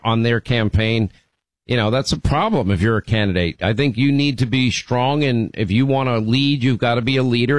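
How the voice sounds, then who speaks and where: A man hosts a call-in radio talk show, chatting conversationally with callers at a medium pitch into a studio microphone. He often restarts his sentences, repeating words as he does. The recording is dry, and the audio quality is poor.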